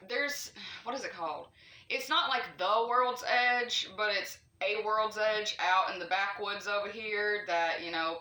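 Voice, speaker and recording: A woman from North Carolina, telling a true scary story to camera in a chatty, animated way, with fillers and the odd swear. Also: lowish voice, reverberant. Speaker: vlogger.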